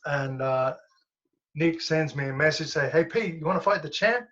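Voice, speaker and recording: Man, guest, casual storytelling, lively anecdotes, laughs, swears, higher voice, dull lo-fi sound. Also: moderate pace. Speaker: guest, former professional fighter.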